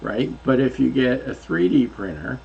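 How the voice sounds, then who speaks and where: A man co-hosting a casual crafting livestream, explaining things slowly and patiently with some hesitation. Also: mid-range voice, vocal fry, darkish tone, breathy edge. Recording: dull, lo-fi audio with faint noise.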